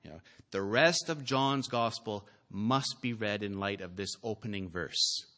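A man preaching a sermon from a church pulpit, earnest and deliberate, building to emphatic, rising peaks and scattering the odd "uh". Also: on the low side, bright, forceful tone. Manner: slow, deliberate delivery with filler "uh"s. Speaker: pastor.

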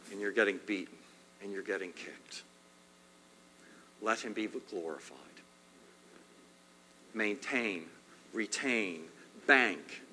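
A man preaching a sermon as pastor, emphatic and repetitive, swinging between loud and hushed. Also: fairly low pitch, a little hiss or hum. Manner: emphatic, swings loud and soft, repeats phrases. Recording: long hall reverb.

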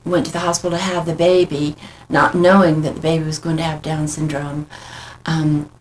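Low-voiced woman giving earnest testimony. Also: level tone, a little hiss or hum, poor audio. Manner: earnest, halting, heartfelt. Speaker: guest. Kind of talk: personal faith testimony.

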